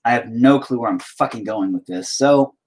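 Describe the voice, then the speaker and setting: A man's voice: medium pitch, normal speed, darkish tone. A man talking to himself while painting, casual, profane and self-mocking, rambling and frustrated as he thinks aloud. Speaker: painting vlogger.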